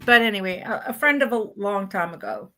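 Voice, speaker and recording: Bright-voiced animated woman. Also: mid-range voice, fairly quick. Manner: animated storyteller, acts out quoted voices. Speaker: co-host. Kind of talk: casual chat.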